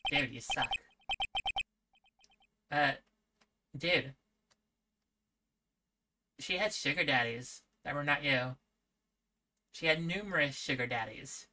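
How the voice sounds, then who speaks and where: A woman's voice: low voice, slow pace, long pauses, slight background noise, low-quality recording. A woman streaming a game live, playful and self-deprecating, often tripping over her words. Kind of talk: live-streamed game playthrough, reading dialogue. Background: loud game music.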